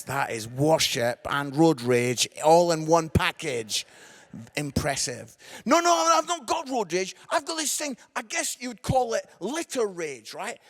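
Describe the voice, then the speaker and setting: A middle-aged man telling comic stories in a sermon, animated and bursting into shouts, often tagging lines with "yeah?". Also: fairly high pitch, gravelly. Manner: animated, shouting for effect, lots of tag questions. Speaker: comedian evangelist.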